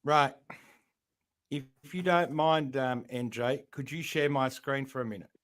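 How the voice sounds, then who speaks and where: A man's voice: mid-range voice, unhurried, fairly bright tone. A man from Australia, a guest on a live-stream panel, explaining at length in a rambling, casual way.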